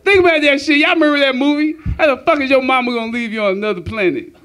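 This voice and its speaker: A man's voice: extremely high pitch, very fast, a bit bright, slight background noise. A man doing a crude, profane stand-up comedy set on a club stage, laughing at his own jokes.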